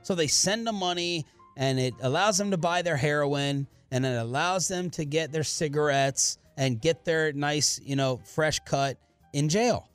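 A man's voice: fairly high pitch, measured pace, clean tone, soft background music. A man co-hosting a radio talk show, telling stories and mocking in casual banter. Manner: animated, storytelling, mocking.

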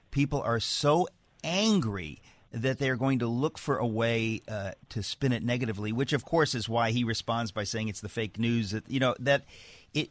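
A man's voice: medium pitch, fairly bright tone, dry recording. A man hosting a political talk, chatty and joking, often restarting his sentences. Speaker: host. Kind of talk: political conversation.

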